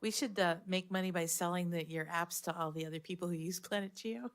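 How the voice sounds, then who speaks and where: Woman, committee member, precise and enthusiastic, pitched a bit low. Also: steady tone, fairly quick. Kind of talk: meeting discussion.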